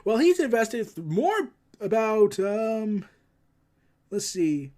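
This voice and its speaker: A man's voice: high-pitched, big pitch swings, takes it slowly, a little mellow. A man hosting a casual news commentary, rambling with sarcastic asides. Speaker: host.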